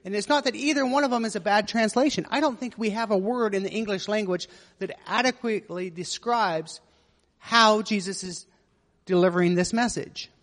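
High-voiced man preaching in a big hall. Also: moderate pace, a bit bright. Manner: conversational teaching with frequent asides and rhetorical questions. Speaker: pastor. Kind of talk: sermon.

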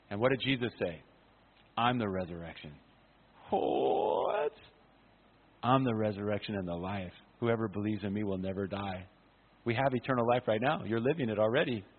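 A man, a pastor, preaching an impassioned sermon at a conference, swinging from loud to hushed. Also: fairly low pitch, slightly rough. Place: conference hall. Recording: phone-like sound with long hall reverb.

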